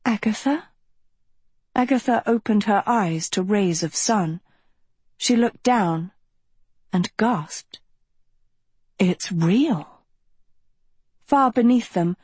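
A woman narrating an audiobook in a measured, dramatic scripted reading. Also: mid-range voice, a little mellow, husky, no echo.

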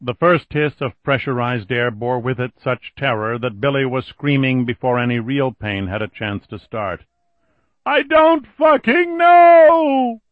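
A man narrating an audiobook in a steady, even reading voice, on a dull lo-fi recording. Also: medium pitch, moderate pace, hardly any pauses, no echo. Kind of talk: scripted narration.

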